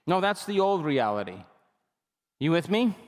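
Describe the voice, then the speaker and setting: Animated man lecturing in a reverberant hall. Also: on the high side, normal speed. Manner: animated storytelling, repeatedly asks the audience for agreement. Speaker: seminar speaker. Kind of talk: motivational seminar talk.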